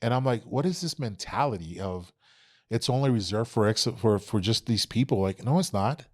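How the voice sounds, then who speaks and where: Profane, animated young man telling stories. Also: fairly low pitch, moderate pace. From Texas. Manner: animated, profane storytelling, acts out quoted dialogue. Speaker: podcast guest. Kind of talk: casual storytelling interview.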